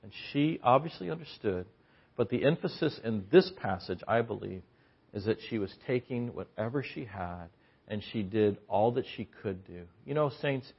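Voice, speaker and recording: A man preaching a conversational sermon in church, animated, swinging between loud exclamations and hushed asides. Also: lowish voice, moderate pace, vocal fry, husky. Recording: dull lo-fi audio.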